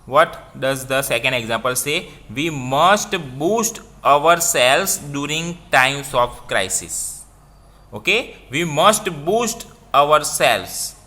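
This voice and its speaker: A man's voice: a little high, expressive, slow pace, bright, forceful tone. A man with an Indian English accent teaching a grammar lesson, repeating points and quizzing listeners with "what?".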